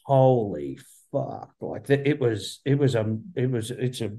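A man's voice: mid-range voice, moderate pace, dark tone. A man in a casual interview over a video call, rambling and swearing often, with many restarts. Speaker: band member guest.

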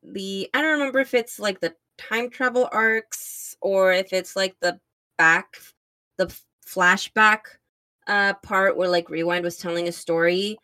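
A woman's voice: mid-range voice, a little slow, sharp tone. A young woman co-hosting a fan podcast, chatting casually and rambling with many fillers as she searches for words. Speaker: podcast co-host.

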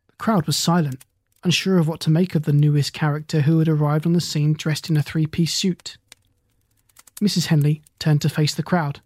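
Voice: mid-range voice, fairly even intonation, a little fast, darkish tone, breathy edge, dry recording. Dry, close storybook narrator. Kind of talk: storybook reading.

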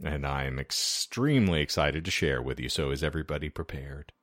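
A man's voice: very deep voice, a little fast, a bit bright. A man hosting a comedy podcast, joking crudely and explaining the show in casual chat. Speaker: podcast host.

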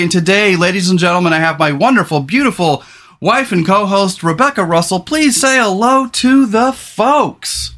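A man's voice: high voice, animated, normal speed, fairly bright tone. A man hosting a casual podcast from a small rural trailer, talking in an enthusiastic, rambling way. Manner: enthusiastic, rambling, emphatic announcer-like intro. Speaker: podcast host.

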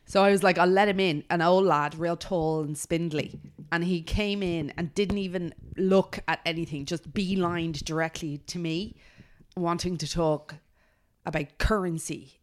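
A woman's voice: fairly low pitch, fairly even intonation, measured pace. An Australian woman in her thirties, a podcast co-host rambling through stories in casual chat and swearing freely.

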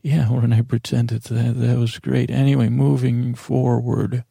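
A man in his forties with a deeply gravelly, mellow voice drifts through a rambling bedtime monologue, stammering and restarting often. His delivery stays flat and drowsy, with a deadpan calm. The sound is dry and close. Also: measured pace, dry recording. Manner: meandering, stammering, with many restarts. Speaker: podcast host.

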